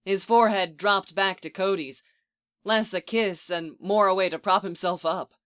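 A narrator reading a story aloud in an even, measured way. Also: medium pitch, smooth. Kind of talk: audiobook reading of fan fiction.

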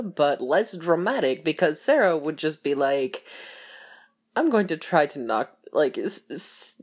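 A woman's voice: lowish voice, darkish tone. A young woman chatting casually about a TV show, rambling and laughing as she acts out lines in little voices.

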